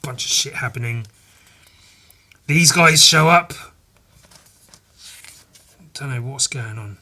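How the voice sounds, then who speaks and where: A man's voice: mid-range voice, slow pace, pushed and bright. A man hosting a podcast, casually reading a comic aloud, rambling, laughing and muttering asides. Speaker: podcast host.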